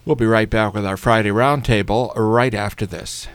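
A man's voice: on the low side, steady tone, normal speed. A man hosting a radio talk show, wrapping up an interview and going to break. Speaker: radio host.

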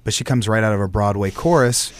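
Low-voiced actor chatting loosely. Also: male voice, brisk, dry recording. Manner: rambling, many fillers and restarts. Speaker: stage actor. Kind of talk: casual interview chat.

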